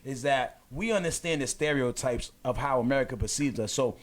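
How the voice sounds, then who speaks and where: A man telling a story in casual chat with friends, animated and laughing as he acts out voices. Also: mid-range voice, brisk.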